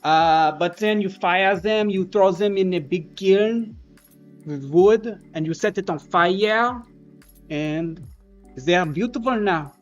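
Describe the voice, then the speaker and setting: A woman's voice: medium pitch, slow pace, lightly acted. A woman voicing a pompous French woman artist and cook with a put-on French accent, in improvised comedic role-play. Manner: grandiose, self-important, dry. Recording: dull lo-fi stream audio, faint music.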